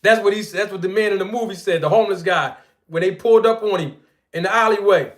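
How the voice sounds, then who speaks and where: High-voiced playful boxing commentator man. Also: quick pace. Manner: playful, teasing, animated storytelling with sudden loud and soft swings. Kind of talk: casual commentary to viewers.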